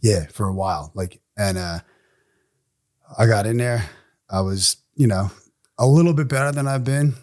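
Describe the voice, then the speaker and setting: A man in his forties with a somewhat low voice tells a hard personal story as a guest on a podcast. He is blunt and swears freely. He brings the story to life by acting out what other people said. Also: normal speed, long pauses. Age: 40s. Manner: blunt, profane, animated storyteller; acts out other people's lines in quoted voices. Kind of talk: candid recovery storytelling.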